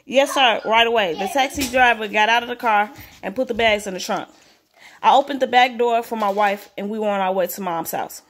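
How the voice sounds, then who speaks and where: A woman's voice: medium pitch, a little fast, slight background noise. A woman reading a story aloud, breaking off for blunt, slangy comments of her own. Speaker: story reader.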